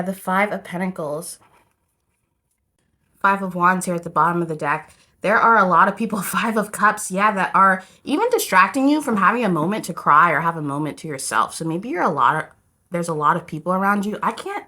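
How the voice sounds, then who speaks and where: Bright-voiced chatty woman reading tarot. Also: medium pitch. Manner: chatty, rambling, addresses viewers as "you guys". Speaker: tarot reader. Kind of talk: casual tarot reading to camera.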